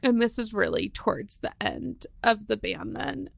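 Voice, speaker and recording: A woman's voice: mid-range voice, animated, normal speed, gravelly, no echo. A woman co-hosting a podcast, recounting her story in an open, heartfelt way with many fillers. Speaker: podcast co-host. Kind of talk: candid conversational storytelling.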